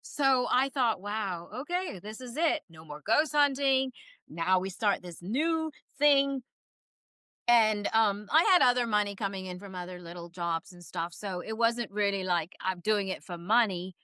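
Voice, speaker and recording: A woman guest, a psychic medium, telling stories in a casual interview and acting out quoted voices with quick laughs. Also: medium pitch, animated, bright, forceful tone, clear, resonant tone, no room sound.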